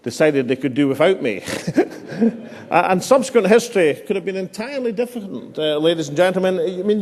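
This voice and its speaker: A man's voice: high-pitched, darkish tone. A middle-aged Scottish man giving an after-dinner speech to a hotel audience, with dry humour and frequent "uh" hesitations. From Scotland. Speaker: political speaker at a dinner. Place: hotel function room. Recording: long hall reverb.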